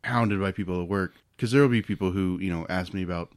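A man's voice: low-pitched, fast talker, no room sound, studio quality. A man in his twenties co-hosting a casual podcast chat, talking expressively and often slipping into mock voices and quotes. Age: 20s. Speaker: podcast co-host.

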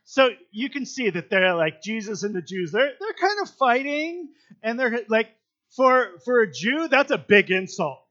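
A high-pitched man gives a relaxed devotional Bible teaching, talking in a chatty, earnest way with plenty of fillers. The recording sounds dull and lo-fi. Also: a little slow.

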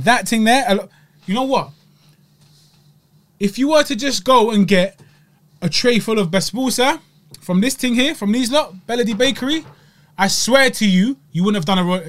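A man hosts a podcast, talking about desserts in an animated, emphatic way, with lots of slang and repeated lines. His voice sits a little high for a man. He is recorded in a studio. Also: normal speed. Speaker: podcast host. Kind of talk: casual food review chat.

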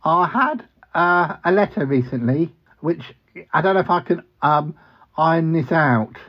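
A man's voice: a little high, lively intonation, measured pace, lo-fi sound. A man voicing a bumbling, cheerful male talking duck who quacks between sentences and stammers. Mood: earnest. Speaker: regular comedy character.

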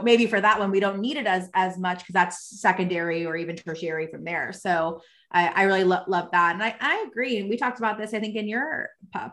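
A woman's voice: mid-range voice, fairly bright tone. A woman hosting a podcast, talking in a casual, enthusiastic way with many restarts. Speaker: podcast host. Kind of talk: casual interview conversation.

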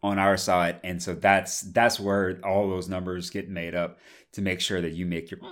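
A man in a casual gaming discussion, relaxed and trailing off with fillers, who has the hiccups. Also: low voice, normal speed.

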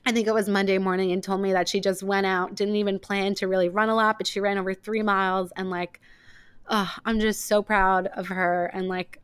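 A woman's voice: medium pitch, little pitch movement, a little fast, clear, resonant tone, no room sound. A young woman hosting a podcast in casual chat, rambling and emotional, with lots of filler words. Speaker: podcast host.

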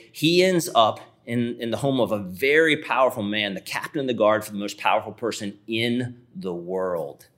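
A man's voice: fairly low pitch, a bit bright. A man preaching a sermon, retelling a scripture story in a vivid, conversational way.

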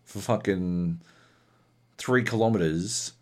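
A man co-hosting a casual gaming podcast, telling profane, animated stories about multiplayer sessions. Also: low voice, slow pace. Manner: profane, animated storytelling with lively put-on voices. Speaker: podcast co-host.

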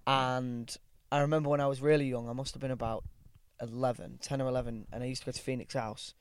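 A young actor guesting on a podcast speaks quickly with a clear, resonant, medium-pitched voice and fairly even intonation. He rambles casually with many ums, restarts and easy laughs, swearing now and then.

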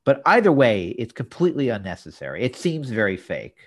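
A man's voice: medium pitch, huge pitch swings, fairly quick, breathy edge. A man co-hosting a podcast, retelling a sitcom episode's plot in detail with dry asides. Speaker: podcast co-host. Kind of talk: casual episode recap.

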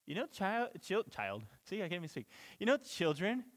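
A man's voice: sits high, sing-song, moderate pace. A man teaching through a Bible passage in an informal, conversational way, chuckling between points and restarting sentences. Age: parent of children. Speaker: pastor.

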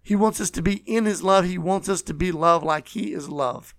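A man preaching a sermon, earnest and repetitive, slowing down to stress key words. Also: sits high, gravelly, dry recording, studio quality. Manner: earnest, repeats phrases, slows for emphasis.

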